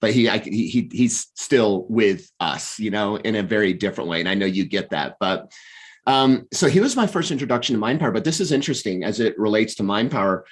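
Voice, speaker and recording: Casting: middle-aged American male coach, lowish voice, animated storyteller, chatty interview guest. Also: brisk, breathy edge. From United States. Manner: animated storyteller with frequent restarts.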